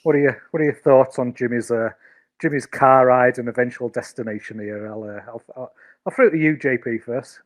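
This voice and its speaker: A man's voice: mid-range voice, a little fast. A man hosting a podcast chat, hesitant and full of restarts as he passes questions along. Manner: hesitant, many fillers and restarts. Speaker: podcast host. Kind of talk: casual chat.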